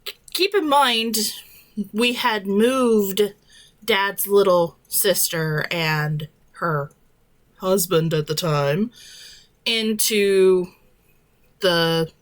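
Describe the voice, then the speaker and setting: A young woman telling a childhood story haltingly in casual chat. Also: mid-range voice, low-quality recording. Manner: halting, slow, searching for words.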